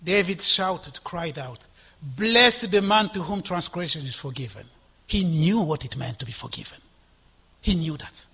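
A male preacher delivers a sermon in a high, husky voice. He swings between ringing exhortation and hushed, whispered asides. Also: animated, moderate pace.

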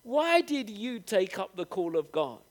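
A male preacher with a strikingly high voice delivers a sermon. He speaks earnestly and straight to his listeners. He leans on key phrases, drawing them out and lifting his pitch for emphasis. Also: very animated. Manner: earnest, direct address to the congregation; rises with emphatic, drawn-out phrases.

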